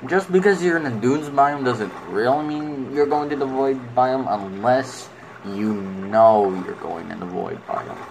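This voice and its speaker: A man's voice: medium pitch, measured pace, gravelly, slight background noise, low-quality recording. A man giving casual commentary while playing a video game, rambling and talking fondly to the creatures on screen.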